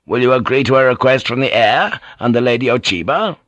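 A man's voice: medium pitch, expressive, fairly quick, fairly bright tone, no room sound, voice pushed up, close to an everyday voice. A man voicing a stern, commanding older feudal lord who speaks with stiff formality.

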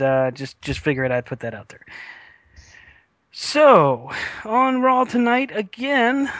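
A man's voice: a little high, no room sound. Casual wrestling podcast host, man. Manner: rambling, frequent fillers and restarts. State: has the hiccups. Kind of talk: casual chat.

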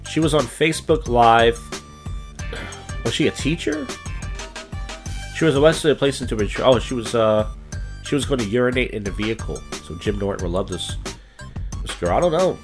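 Male podcast host, mid-range voice, casual comic news commentary with sardonic, rambling delivery. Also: mid-range voice.

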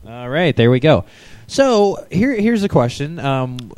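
A man's voice: fairly high pitch, very animated, a little slow, a little mellow, dry recording. A man co-hosting a live sports podcast, chatting casually and rambling with frequent stammered restarts. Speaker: podcast co-host.

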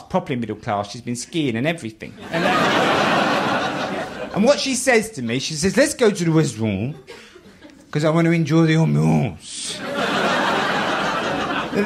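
A man's voice: a little high, vocal fry. London man, host and storyteller, dry wit, crowd audible. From southeast London. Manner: wry storytelling, mock-posh asides. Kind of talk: stand-up comedy then group chat. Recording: crowd laughter behind.

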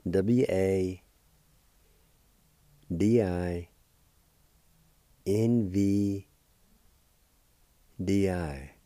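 Slow, low-voiced man teaching words. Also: mellow, no echo. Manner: slow, patient, spells words out and repeats them. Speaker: language teacher and radio host. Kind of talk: radio language lesson.

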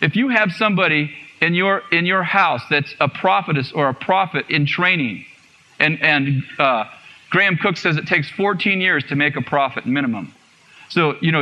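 A man's voice: on the high side, lo-fi sound. A man preaching a sermon to a congregation, earnest and repeating phrases for emphasis. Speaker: guest preacher.

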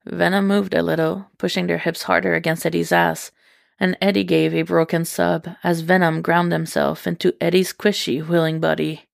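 Low, gravelly woman reading fiction. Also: flat delivery, normal speed, no echo, clean studio sound. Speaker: reader.

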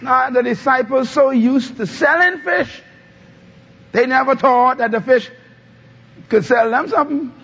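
A man's voice: extremely high pitch, slow pace, long pauses, fairly bright tone, husky. A male pastor preaching a sermon, calling on the congregation to answer back. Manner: call-and-response preaching, asks the congregation to answer. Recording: dull lo-fi sound.

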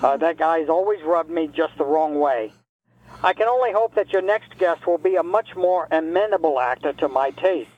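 Male actor as a cranky retired caller, high-voiced, sarcastic and insulting, comedy call-in. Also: moderate pace, no room sound, phone-quality sound, close to an everyday voice. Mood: grumbling. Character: grumpy retired older man from New Jersey, cranky caller.

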